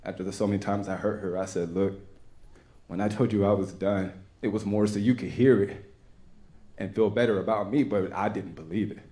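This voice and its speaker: A young man with a Texan accent giving an earnest, halting personal testimony to a church congregation. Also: lowish voice, fairly even intonation, dark tone. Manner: earnest, halting, with many restarts. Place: church sanctuary.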